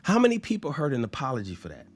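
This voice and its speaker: Racing through a blunt, profane monologue to camera, a social commentator emphatically acts out the people he quotes in mocking voices. His mid-range voice is slightly rough, with huge pitch swings, and faint music plays behind him.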